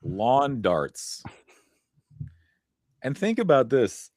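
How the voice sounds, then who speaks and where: A man's voice: mid-range voice, big pitch swings, drawn-out words, a little mellow, dry recording, studio quality. A man co-hosting a casual podcast chat, blunt and profane, laughing often between points. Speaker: podcast co-host.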